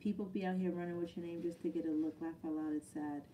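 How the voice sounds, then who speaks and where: A woman's voice: on the low side, steady tone, fast, mellow, distant mic, slight background noise. A woman battle rapper answering viewer questions in a casual live chat, blunt and swearing freely, often laughing.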